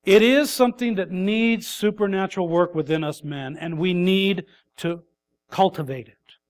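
A man with a high-pitched voice delivers a sermon as a pastor. He speaks earnestly and deliberately, pausing and restarting phrases as he works through his points.

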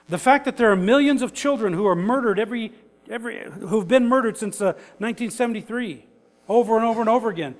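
An older male pastor with a high voice preaches in a folksy, chatty way, chuckling between points before pressing hard on them. His voice carries a long hall reverb. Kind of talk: conversational sermon.

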